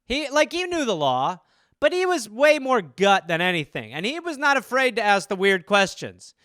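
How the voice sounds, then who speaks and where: A man's voice: high-pitched, big pitch swings, moderate pace, a bit bright, no room sound, studio quality. A man hosting a comedy podcast, riffing casually in a rambling way full of "like" and restarts, swearing freely.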